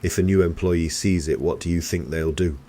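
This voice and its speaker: A man doing a cold, eerily calm office boss. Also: sits low. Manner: flat, measured and unnervingly calm.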